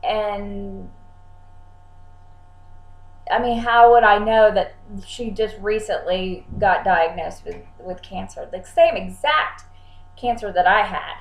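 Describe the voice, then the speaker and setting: Woman psychic giving chatty advice, mid-pitched voice, roomy echo. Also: slow. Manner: chatty, repeats words, acts out clients' lines. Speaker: psychic channeler. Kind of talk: casual vlog advice.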